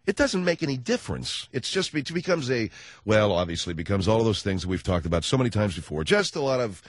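A man's voice: lowish voice, big pitch swings, quick pace, no echo. A man hosting a comedic talk radio show, rambling through a sarcastic monologue.

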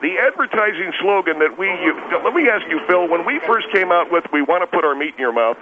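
Man putting on a boastful hot-tempered steakhouse owner, high voice, tinny phone line, faint hiss. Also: animated, brisk. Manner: bragging, defensive, blows up.

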